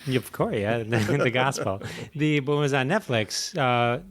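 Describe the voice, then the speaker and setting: A man's voice: mid-range voice, normal speed, a little hiss or hum. A man hosting a podcast interview, easygoing and agreeable in casual chat. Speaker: podcast host.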